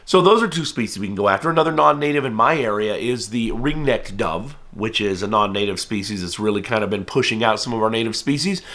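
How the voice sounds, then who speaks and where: A man's voice: on the low side, animated, quick pace, few pauses, fairly bright tone. A man from the United States, a falconer, explaining hunting rules in an earnest, conversational way and now and then acting out what others might say. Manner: earnest, conversational, acts out quoted voices. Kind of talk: casual explanatory talk to camera.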